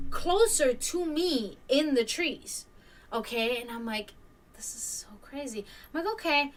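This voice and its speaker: A woman's voice: high-pitched, a bit bright, far from the mic. A woman hosting a stream, telling a story casually, rambling with many fillers and restarts. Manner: imitates hawk caws. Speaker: stream host.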